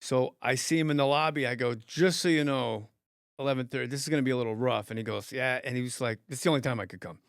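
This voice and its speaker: A man's voice: mid-range voice, fast talker, clean tone, no echo, clean studio sound. A middle-aged man, a comedian hosting a podcast, telling stories in casual chat and acting out heated quotes. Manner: animated, acts out heated quotes loudly.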